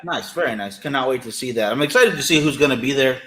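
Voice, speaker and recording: A man's voice: mid-range voice, quick pace, pushed and bright, poor audio. Easygoing enthusiastic male co-host. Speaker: podcast co-host. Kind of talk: casual podcast chat.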